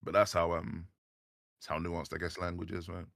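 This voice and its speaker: A man's voice: low-pitched, level tone, normal speed, gravelly, a bit bright, no room sound, studio quality. A man with a London accent chatting casually on a livestream, rambling with lots of fillers and restarts. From England.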